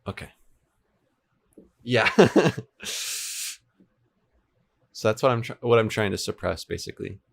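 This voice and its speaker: A man's voice: on the low side, normal speed, gravelly, pauses often, a bit bright. A young man in his twenties talking casually on a livestream, chatty and laid-back, answering viewers' chat as he works. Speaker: livestreamer coding a game server. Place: home room with an air conditioner running. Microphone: desk microphone, switching between two.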